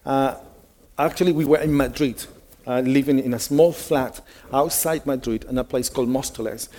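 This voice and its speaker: Chatty preacher man, mellow voice. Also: medium pitch, fairly even intonation, moderate pace. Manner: conversational storytelling, many fillers, asks the audience questions. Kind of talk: sermon.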